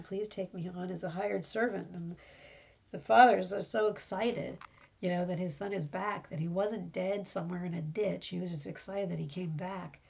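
Gravelly woman hosting a Bible podcast. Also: medium pitch, darkish tone, highs cut off. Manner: rambling, conversational, many fillers. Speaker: podcast host. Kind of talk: casual Bible teaching podcast. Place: home.

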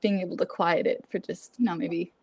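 A woman's voice: lowish voice, steady tone, fairly quick, darkish tone, breathy edge, no echo. A woman in her twenties, a graduate student guest in a podcast interview, upbeat and laughing often, with many likes. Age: 20s. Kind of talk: casual interview chat.

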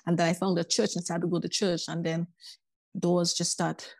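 A woman's voice: on the low side, normal speed, creaky, dry recording. A woman, a podcast guest, telling her life story in casual talk and acting out the voices of people in it. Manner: animated, acts out quoted voices.

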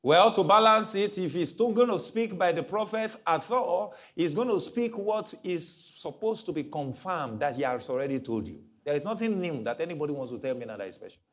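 A middle-aged man preaching a sermon as pastor, animated, acting out voices from his stories. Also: fairly high pitch, brisk, hardly any pauses. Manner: animated, mimics voices in stories, laughs often.

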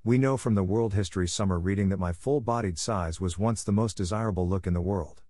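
A teenage girl who has had enough of her bully and answers him with sharp, cutting words, as a man reading the story puts her on. The voice stays low and close, with a dry, deadened sound. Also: brisk, no room sound. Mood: defiant. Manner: defiant, cutting.

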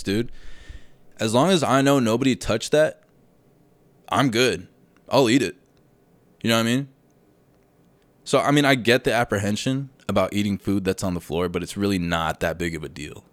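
Low-voiced young man rambling casually. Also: no room sound. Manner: rambling, sidetracked, swears freely, says "dude". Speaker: podcast host. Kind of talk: casual solo podcast chat. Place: home room with recording setup.

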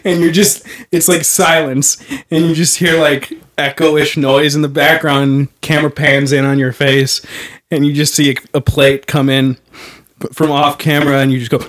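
A man's voice: fairly high pitch, level tone, normal speed, a bit bright. A man co-hosting a podcast, joking crudely and acting out silly scenes through constant laughter. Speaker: podcast co-host. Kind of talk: crude comedic banter.

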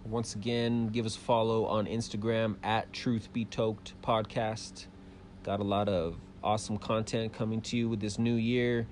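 A man's voice: fairly low pitch, flat delivery, normal speed, a little mellow. A man co-hosting a podcast, chiming in with short, profane reactions in casual chat. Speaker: podcast co-host. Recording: faint hum.

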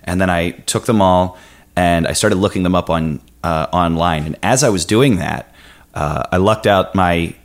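A man's voice: deep voice, normal speed. A man as a podcast guest, telling a long story in a casual, rambling way with many fillers and restarts.

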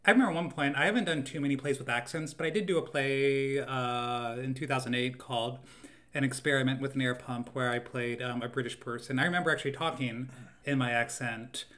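A man's voice: mid-range voice, steady tone, brisk, a bit bright. A man co-hosting a podcast in casual chat, talking through scenes and laughing often. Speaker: podcast co-host.

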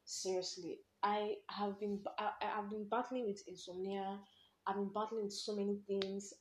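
A young Nigerian woman hosting a podcast, candidly telling personal stories with lively slang and laughter. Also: mid-range voice, moderate pace, echoey room. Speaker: podcast host. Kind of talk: personal storytelling monologue.

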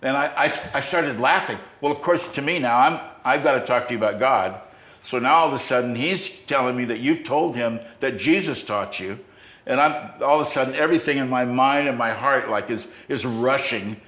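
An older man with a middle-pitched voice hosts a conversation and tells a long personal story. He talks haltingly and often starts a thought over. The room around him sounds echoey. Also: a bit bright. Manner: halting, with many restarts. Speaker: podcast host.

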